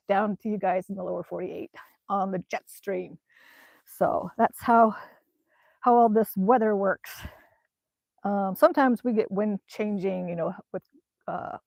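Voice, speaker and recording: A woman's voice: mid-range voice, a little mellow, dry recording. A woman chatting casually on a live stream outdoors in winter, rambling with many ums as she reads the chat. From Alaska. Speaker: vlogger reading live chat. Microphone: phone camera.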